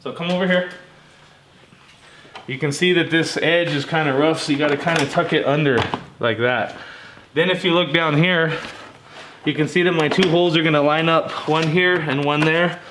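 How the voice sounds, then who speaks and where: Chatty man with a higher voice, roomy garage sound. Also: normal speed, pauses often. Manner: relaxed and chatty, addresses viewers as guys. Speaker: DIY vehicle tutorial host. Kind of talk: casual hands-on how-to walkthrough. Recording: roomy echo with faint noise.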